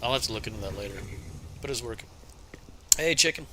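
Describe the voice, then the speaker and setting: A man's voice: on the low side, racing. A man streaming a game live, muttering to himself, swearing and chatting to viewers. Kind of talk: casual live gameplay commentary. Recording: noisy background.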